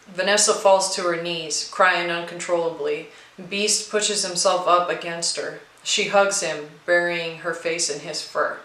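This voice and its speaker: A woman narrating a horror storybook with a steady, expressive reading. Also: lowish voice, measured pace, few pauses, reverberant, poor audio. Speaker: narrator and co-writer.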